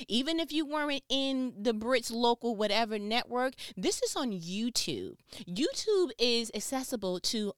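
Lively woman host, smooth dry voice. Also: fairly high pitch, no echo. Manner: animated, playful, acts out quotes. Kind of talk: casual monologue commentary.

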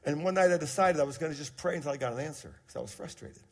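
A man in his sixties preaching a sermon, telling a personal story as he moves between quiet, hushed moments and emphatic, raised passages. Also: on the high side, rapid-fire. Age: 60s. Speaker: pastor.

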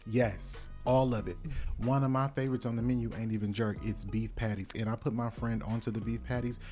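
A man co-hosting a casual podcast, playful and loud, his pitch jumping high when he jokes. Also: steady tone, brisk, faint music behind. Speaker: podcast co-host. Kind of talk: casual chat.

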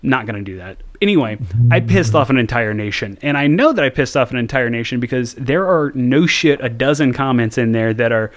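A man from the United States hosts a casual podcast and tells his story with animated, profane energy. He talks in a mid-range voice and often swears. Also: medium pitch, brisk. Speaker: podcast host.

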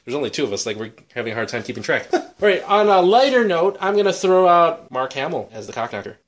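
A man's voice: on the high side, sing-song, quick pace, a little hiss or hum. A man co-hosting a podcast, joking and chatting casually about movies. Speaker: podcast co-host.

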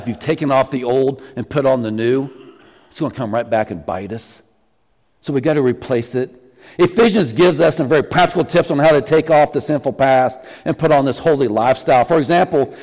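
A middle-aged man preaching a sermon as pastor, animated and teasing the congregation. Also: mid-range voice, in a large hall. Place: church sanctuary.

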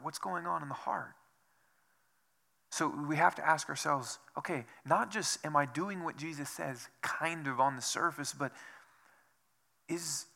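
A man's voice: on the high side, creaky, bright, forceful tone. A man preaching a sermon as pastor, asking rhetorical questions over and over and dropping to a whisper for emphasis. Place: church.

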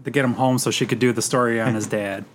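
A man's voice: mid-range voice, steady tone, fast, slight background noise. A man co-hosting a casual review podcast, throwing in dry wisecracks. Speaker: podcast co-host.

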